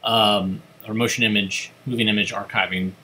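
A man's voice: fairly low pitch, fairly even intonation, moderate pace, sharp tone. A man hosting a film club, chatting casually about a film with many restarts. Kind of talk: casual commentary.

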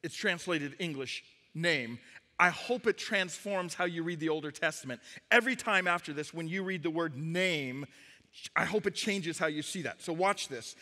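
A high, bright male pastor preaches with emphatic storytelling. His voice carries a long reverb tail from the church sanctuary. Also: normal speed. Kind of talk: sermon.

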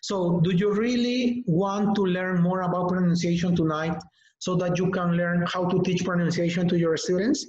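A man's voice: high voice, steady tone, darkish tone. Echoey man leading a teaching webinar. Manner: slow and deliberate, repeats words, calls on participants by name. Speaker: English teacher trainer, webinar host. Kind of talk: live online teacher-training webinar. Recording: echoey, slightly muffled webinar audio.

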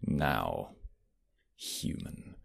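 A man voicing a sly, smug British nobleman rival who taunts and threatens in an audio role-play. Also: very slow.

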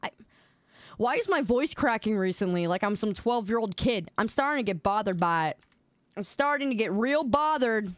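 A young adult woman streamer chatting casually on a live stream, playful and excitable, quick to laugh. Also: on the high side, no room sound. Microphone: desk microphone.

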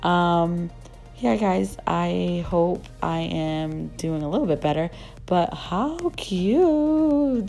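Young woman, rough voice, chatty and gushing, low-pitched, soft music behind. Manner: gushing, chatty, many fillers. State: rough voice, just recovering. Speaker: vlogger. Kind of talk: casual shop-with-me voice-over.

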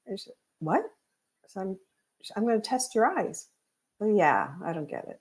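A woman's voice: medium pitch, sing-song, brisk, a little mellow. Chatty woman telling anecdotes. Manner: chatty anecdotes with laughs and acted quotes. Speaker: guest, psychic medium. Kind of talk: casual storytelling chat.

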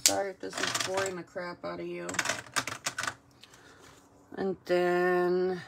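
A woman talks slowly through a paper-craft demo in a low, gravelly voice, chatting and thinking aloud as she colors and glues. She pokes mild fun at herself between steps. The home recording carries steady background noise. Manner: chatty, self-deprecating, thinking aloud while working. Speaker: crafting demonstrator. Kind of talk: casual how-to commentary while crafting.

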